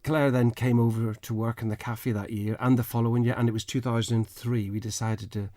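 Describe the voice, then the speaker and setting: A man from Ireland, a musician guest on a radio show, telling stories in a rambling, warm way in a studio. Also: medium pitch, flat delivery, fairly quick, no room sound. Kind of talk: relaxed anecdotal storytelling.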